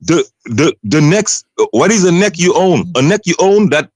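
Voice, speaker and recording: A man's voice: fairly high pitch, sing-song, normal speed, darkish tone, breathy edge, no echo, clean studio sound. A man calling in to a heated online debate, insistent and repeatedly asking to be heard. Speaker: debate caller.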